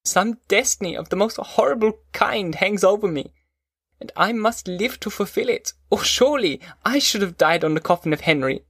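A man voicing a distraught, feverish young man with pleading, high-strung outbursts in an audiobook. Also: animated, normal speed, a bit bright, slightly rough, no room sound, studio quality. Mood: despairing. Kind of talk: audiobook character voice.

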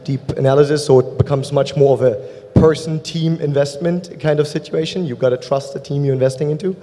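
A man's voice: medium pitch, warm tone. A man with a German accent speaking as an angel investor on a panel discussion, talking steadily with a few fillers. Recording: long hall reverb.

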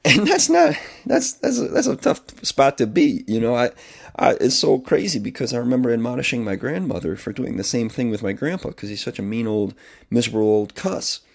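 A man's voice: medium pitch, sing-song, a little fast, gravelly, slightly rough. A man who works as a kindergarten teacher, talking candidly in a rambling personal monologue, often restarting his sentences and swearing casually. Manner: rambling and confessional, with frequent restarts.

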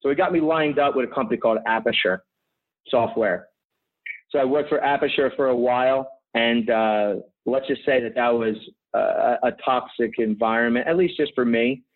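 A man in his thirties from Philadelphia, a podcast guest telling stories in an energetic, rambling way full of "you know" asides. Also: mid-range voice, normal speed. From Philadelphia, USA. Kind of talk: conversational interview storytelling. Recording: tinny phone-like line.

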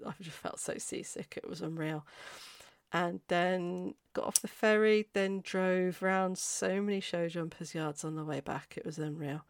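Gravelly woman telling a rambling story. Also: on the low side, dry recording. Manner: chatty, rambling, goes off on tangents. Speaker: podcast host. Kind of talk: casual storytelling.

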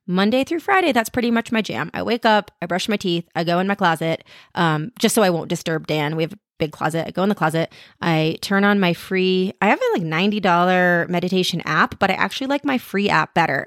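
A woman's voice: lowish voice, no room sound, clean studio sound. A woman in her thirties hosting a podcast, telling candid personal stories in a frank, self-deprecating way and swearing freely. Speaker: podcast host. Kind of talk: candid personal storytelling monologue.

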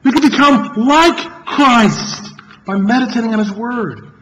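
A pastor preaching a sermon to his congregation in an earnest, emphatic way, repeating key phrases and pausing for effect. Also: very high-pitched, a bit bright, faint music behind, rough recording.

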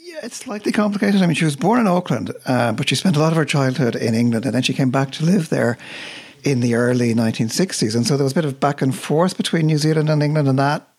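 A man, co-hosting a book show in a thoughtful, measured way with some hesitant restarts. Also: on the high side, lively intonation, darkish tone, husky. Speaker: co-host of a books show. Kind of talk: relaxed literary radio chat.

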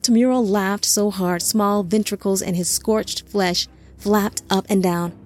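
A woman narrating an audiobook in a steady storytelling manner. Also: mid-range voice, measured pace, faint music behind.

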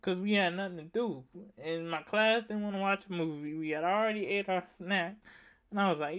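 A man's voice: high-pitched, normal speed, fairly bright tone. A young man doing stand-up comedy, telling rambling, profane stories and repeating his punchlines.

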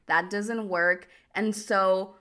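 A woman's voice: medium pitch, steady tone, very slow, sharp tone. A woman hosting a podcast, chattily recapping a telenovela plot with lots of "like" and amused asides. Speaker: podcast host.

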